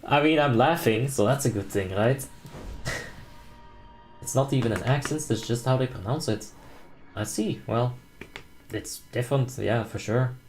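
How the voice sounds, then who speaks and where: On his game stream, a young man from the Netherlands speaks in a slightly mellow, mid-range voice. Casual and laid-back, he jokes around, reads the chat aloud, laughs frequently, and calls raid tactics.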